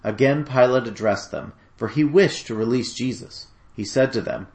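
A man narrating a dramatic scripture reading in a steady, solemn storytelling manner. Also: medium pitch, normal speed, few pauses.

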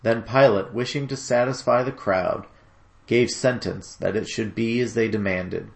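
Male narrator, solemn, steady, gravelly, lowish pitch, dramatic scripture reading. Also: measured pace.

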